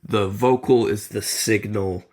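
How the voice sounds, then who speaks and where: A man's voice: on the low side, fairly even intonation, a little slow, darkish tone. A man co-hosting a podcast in casual chat, rambling and explaining at length with many fillers. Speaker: podcast co-host.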